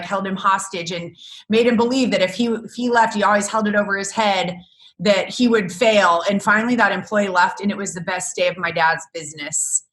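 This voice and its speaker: A middle-aged woman, a business coach, chatting in an interview and telling lively stories with frequent laughter. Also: medium pitch. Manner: animated storyteller, laughs often. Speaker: guest, business coach for photographers. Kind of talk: casual interview chat.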